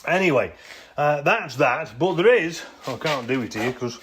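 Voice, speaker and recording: A man's voice: on the high side, expressive, normal speed, a bit bright, slight background noise. A man filming himself beside a jacked-up off-roader, talking through his work in a rambling, self-correcting way on a handheld camera. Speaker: vehicle owner showing his work. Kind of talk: casual hands-on how-to vlog. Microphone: handheld camera he films with himself.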